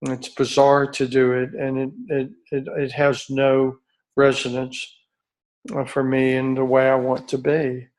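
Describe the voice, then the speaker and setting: A middle-aged man talks to a retreat group in a slow, earnest and reflective way. His pitch stays level and even, and he often stops to restart a sentence as he searches for the right phrase. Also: poor audio. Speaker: retreat leader. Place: outdoor retreat by a beach.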